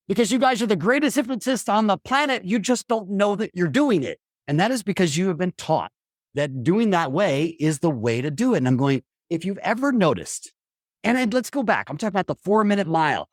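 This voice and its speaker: A middle-aged man, a podcast guest, telling stories in an animated, emphatic way with blunt asides and mild swearing. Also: sits high, fairly quick, dry recording, clean studio sound. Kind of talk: animated storytelling.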